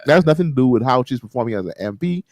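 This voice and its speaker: A man's voice: mid-range voice, lively intonation, racing, no room sound. A man co-hosting a morning radio talk show, chatting casually and laughing often. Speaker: radio co-host.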